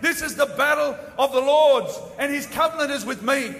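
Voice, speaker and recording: High-voiced fervent preacher, echoey hall. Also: male voice, normal speed, fairly bright tone. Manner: fervent, exhorting. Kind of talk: sermon. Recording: echoey hall with long reverb.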